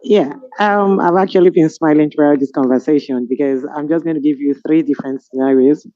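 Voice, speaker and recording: A middle-aged Nigerian woman on a webinar panel, telling stories in an animated, amused way over a video call. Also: low voice, brisk. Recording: dull lo-fi video call audio.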